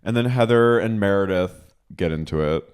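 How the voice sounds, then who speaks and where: Smooth-voiced man recapping a reality show. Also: lowish voice, moderate pace. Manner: animated storyteller, acts out quotes. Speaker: podcast co-host. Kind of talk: casual recap chat.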